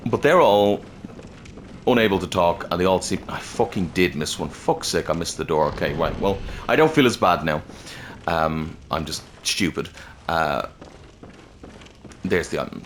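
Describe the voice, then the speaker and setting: Deep-voiced swearing gaming commentator, a man. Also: a bit bright, slight background noise. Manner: casual, rambling, swears heavily. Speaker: gaming channel host. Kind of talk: let's-play commentary on game lore.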